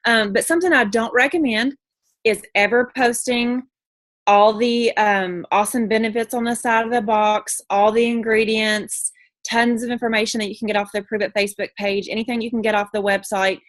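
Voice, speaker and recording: A woman's voice: on the high side, fairly even intonation, moderate pace, no room sound. A woman giving a casual, bubbly sales training talk to her team, chatty with frequent ums. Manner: bubbly, chatty, many fillers. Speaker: network marketing team leader.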